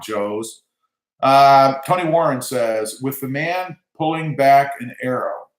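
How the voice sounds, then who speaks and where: Chatty Southern man in an echoey room. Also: medium pitch. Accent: Southern American. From South Texas. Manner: relaxed, chatty, reads comments aloud with filler words. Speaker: channel host reading live chat. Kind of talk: casual live-stream chat.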